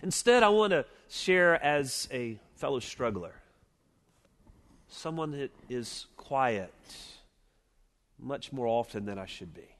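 A man's voice: mid-range voice, lively intonation. Southern man preaching in a reverberant hall. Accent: Southern US (Alabama). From Mobile, Alabama, US Deep South. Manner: measured and earnest, slowing and dropping quiet on key points. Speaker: preacher at a seminary chapel. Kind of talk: sermon with opening prayer. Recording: long reverb of a large chapel.

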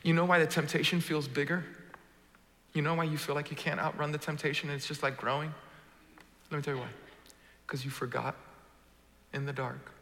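A bright, forceful man's voice, preaching in a large hall with a long reverb tail. He swings from loud, playful crowd work to near-whispered moments. His pitch sits a touch high for a man. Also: a little fast, pauses often. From Brooklyn. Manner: animated, swings from booming to hushed, jokes with the crowd. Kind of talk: sermon. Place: church auditorium.

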